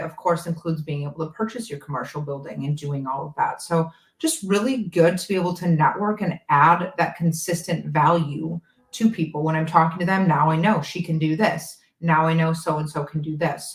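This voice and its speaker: A woman co-hosting a podcast, talking in a loose, conversational way. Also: low voice. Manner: conversational, with restarts. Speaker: podcast co-host. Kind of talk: casual podcast talk. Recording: echoey room.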